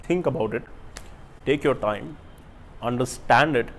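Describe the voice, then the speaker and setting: Speaking to camera at a measured pace, this young self-help YouTuber delivers a casual motivational talk in a mid-range voice. Rhetorical questions fill his talk, and he shifts from loud outbursts to hushed asides.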